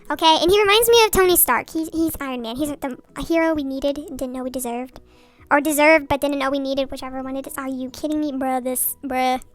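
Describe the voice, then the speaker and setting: A young woman ranting sarcastically and rambling off-topic late at night in her bathroom, her voice digitally sped up. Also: fast. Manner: rambling, sarcastic, off-topic, with swearing and mock outrage. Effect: voice digitally sped up and pitched up. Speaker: YouTuber. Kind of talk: late-night rant vlog.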